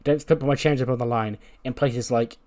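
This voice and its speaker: A man's voice: mid-range voice, steady tone, fairly quick, darkish tone, close to an everyday voice. A man voicing an arrogant female wrestling champion who rants scornfully at a rival. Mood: haughty. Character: haughty female wrestling champion, boastful and dismissive.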